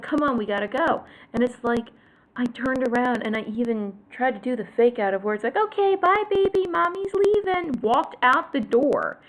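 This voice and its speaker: A woman's voice: on the high side, gravelly. A woman, likely in her thirties, venting to viewers about her children in an exasperated, emphatic way, dropping to whispers for punchlines. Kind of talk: casual vlog rant.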